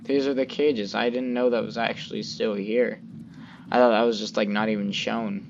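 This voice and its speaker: A man's voice: fairly low pitch, flat delivery, moderate pace, gravelly, muffled recording, background noise. A man giving casual gameplay commentary, rambling with lots of fillers and mild cursing into a desk microphone. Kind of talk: casual let's-play commentary.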